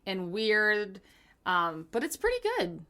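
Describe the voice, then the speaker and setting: A woman co-hosting a casual podcast, relaxed and giggly, whose speech often trails off softly. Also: medium pitch, a little slow. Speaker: podcast co-host. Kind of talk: casual chat.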